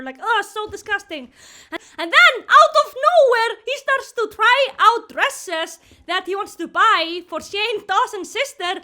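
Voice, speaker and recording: A woman giving casual, animated commentary on a movie, retelling scenes with giggles and exaggerated disbelief. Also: very high-pitched. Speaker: commentary youtuber.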